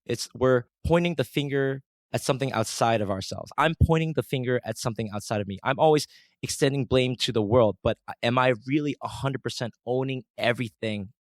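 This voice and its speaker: A man's voice: mid-range voice, brisk, dry recording, studio quality. A man hosting a podcast, telling a reflective story in an earnest, preachy way. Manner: earnest and preachy, mimics his angry self in a raised voice. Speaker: podcast host. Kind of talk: reflective monologue.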